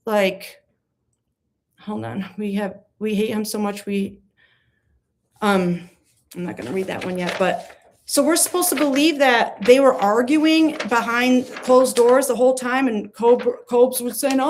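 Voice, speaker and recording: A woman talks through a courtroom story in a loose, rambling commentary. She sounds sarcastic and lively, and her speech is packed with fillers. Her voice sits a little high. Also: takes it slowly, slight background noise. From New York. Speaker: true-crime commentator. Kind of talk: casual commentary stream.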